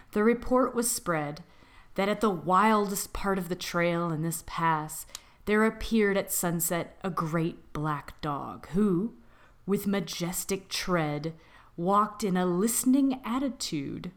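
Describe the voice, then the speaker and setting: A woman co-hosting a podcast, chatting casually and giggling, who reads an old legend in a hushed, creepy storytelling voice. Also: medium pitch. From Appalachia. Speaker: podcast co-host. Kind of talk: casual chat and spooky storytelling.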